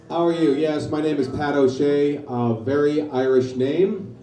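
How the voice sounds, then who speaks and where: A man in his forties doing a stand-up set, deadpan storytelling with loud punchlines, in a small comedy bar. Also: on the high side, unhurried, background noise. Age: 40s. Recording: echoey bar from far off. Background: audience laughter.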